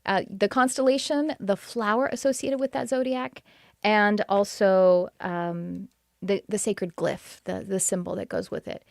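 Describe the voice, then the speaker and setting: A woman's voice: mid-range voice, steady tone, measured pace, creaky, a little mellow, no echo, clean studio sound. A middle-aged woman from Texas, hosting a live podcast in an enthusiastic, chatty way with many restarts. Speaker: podcast host and spiritual teacher. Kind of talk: casual live-stream chat.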